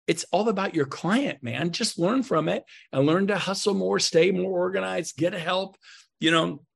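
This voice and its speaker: Gravelly, energetic man acting out sales talk. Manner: energetic, acts out sales dialogues with big pitch swings. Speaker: real estate agent, podcast guest. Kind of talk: conversational coaching talk.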